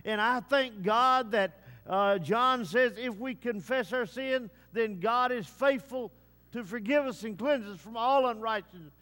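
A man preaching a sermon to his congregation in a folksy way, with many pauses and "uh" fillers. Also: very high voice, pushed and bright. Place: church service. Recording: long hall reverb.

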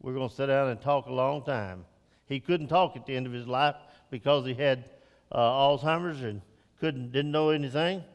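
The sound is that of a big room, where an older man gives a Father's Day sermon. He builds to loud, high-pitched emphatic moments, then eases into soft, slow reflection.

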